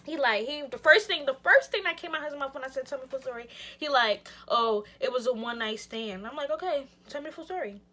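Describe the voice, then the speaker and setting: Animated young woman telling a storytime. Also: high-pitched, quick pace, few pauses. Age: young adult. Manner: animated, emphatic, swears freely, acts out her own reactions. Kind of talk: casual storytime vlog.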